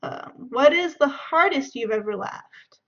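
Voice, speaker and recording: A woman's voice: high-pitched, expressive, unhurried. Chatty young woman vlogger, lo-fi sound. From San Francisco Bay Area, California. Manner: chatty and giggly, acts out friends' shouting. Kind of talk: casual tag video answering questions. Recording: dull lo-fi sound.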